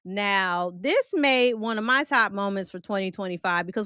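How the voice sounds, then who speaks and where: A woman's voice: mid-range voice, normal speed, few pauses, smooth, no room sound, clean studio sound. A woman hosting a casual live stream, reading viewer comments aloud and reacting bluntly with jokes and laughter. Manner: animated, blunt and joking, with frequent laughter; loose, colloquial Southern-tinged phrasing. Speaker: host of a film and celebrity live stream.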